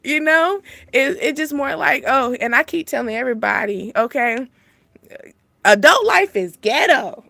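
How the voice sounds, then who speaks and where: Bright, high-voiced woman rambling to camera. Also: sing-song, takes it slowly, gravelly, no room sound. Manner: rambling, repeats phrases, often laughs; swings between emphatic highs and soft low asides. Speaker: spiritual channel host. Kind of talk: casual motivational talk to camera.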